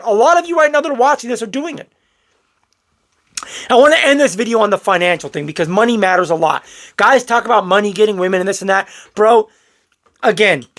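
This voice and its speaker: A man's voice: very high-pitched, a bit bright. A man talking straight to his viewers in a blunt, preachy vlog commentary, calling them bro. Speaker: vlogger. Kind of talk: direct-to-camera commentary.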